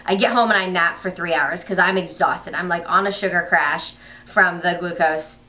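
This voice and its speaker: A young woman talks through a personal story on her vlog, chatty and loose, filling it with "like" and quoted asides. Her voice sits a little low but sounds bright and forward. The mic is set a short way off. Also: moderate pace, distant mic. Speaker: vlogger.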